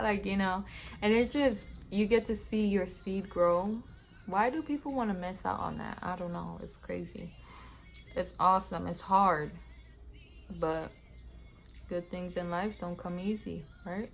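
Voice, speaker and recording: A woman's voice: medium pitch, steady tone, unhurried, rough recording. A young woman chatting casually to camera as a mom vlogger, rambling, laughing often and using slang.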